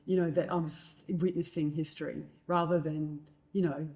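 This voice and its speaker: A woman telling stories in a casual chat, lively and acting out other people's lines. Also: moderate pace. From Australia. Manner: animated storyteller, acts out quotes in a higher voice. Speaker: host.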